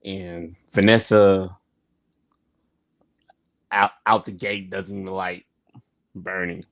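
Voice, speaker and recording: A man's voice: deep voice, flat delivery, no room sound, muffled recording. A man hosting a casual review vlog, talking straight to the camera and often repeating his phrases. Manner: unhurried, repeats phrases, frequent "like". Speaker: YouTube show host reviewing a sitcom.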